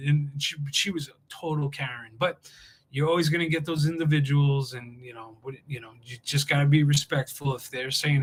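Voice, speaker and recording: A man chatting on a live stream, rambling and animated and acting out the people he quotes. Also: fairly high pitch, fairly quick, low-quality recording. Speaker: co-host. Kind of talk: casual live-stream chat.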